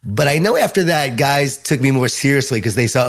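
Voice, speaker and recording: A middle-aged man with a Long Island New York accent, a guest author telling earnest, animated stories in an interview. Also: mid-range voice, fairly quick. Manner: earnest, animated storytelling with repeated phrases. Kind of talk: storytelling interview answers.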